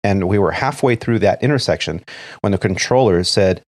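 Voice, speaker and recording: An airline first officer tells a story from work during a casual podcast chat, recounting events step by step and acting out the radio calls. His voice sits low at a normal speed, recorded at studio quality with no room sound.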